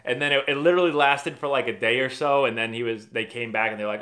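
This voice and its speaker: On a laid-back live stream, a Massachusetts man fields viewer questions at a fast clip. His voice is medium in pitch and fairly bright. He's a chatty, meandering storyteller who keeps starting his sentences over.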